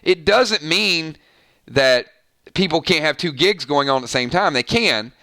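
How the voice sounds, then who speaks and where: Excitable male stream host, slightly high voice, dry close sound, chats straight to viewers. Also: a little slow, dry recording. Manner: excitable, laughs often, talks to viewers directly. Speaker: host of a TV review channel. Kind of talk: live-stream chat reading viewer comments.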